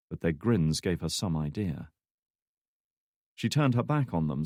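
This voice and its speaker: A man narrating a thriller audiobook in a measured, steady storytelling manner. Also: low-pitched, no room sound. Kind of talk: scripted narration. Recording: dry studio audiobook recording.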